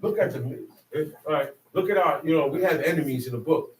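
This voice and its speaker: A street preacher with a slightly high, brisk voice teaches his listeners in call-and-response style, firing rhetorical questions at them in a colloquial, emphatic way. The distant mic sounds echoey, with faint ambient noise.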